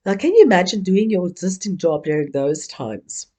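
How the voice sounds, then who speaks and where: A woman's voice: lowish voice, very animated, moderate pace, warm tone. A woman from Africa, giving an interactive keynote and playfully coaxing the audience to join in. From South Africa. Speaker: keynote speaker.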